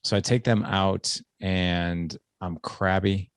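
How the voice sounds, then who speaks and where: A man's voice: low-pitched, fairly even intonation, takes it slowly, clear, resonant tone, no room sound, studio quality. A middle-aged man hosting a podcast, telling a long story in a rambling, self-deprecating way. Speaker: podcast host. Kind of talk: casual podcast conversation.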